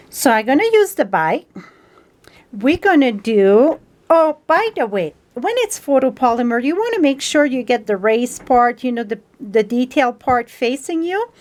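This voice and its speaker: Slow, chatty woman demonstrating a craft. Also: fairly high pitch. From France. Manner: chatty, homespun, non-native grammar with fillers. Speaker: stamping craft instructor. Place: home craft table.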